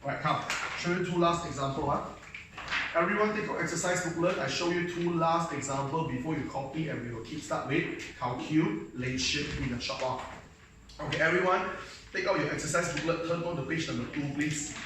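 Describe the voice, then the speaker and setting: A man's voice: fairly high pitch, fairly quick. A man with a Malaysian English accent teaching chemistry to a class, constantly checking that students follow along. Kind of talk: live classroom lecture. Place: school classroom. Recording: echoey room, mic far off, faint noise.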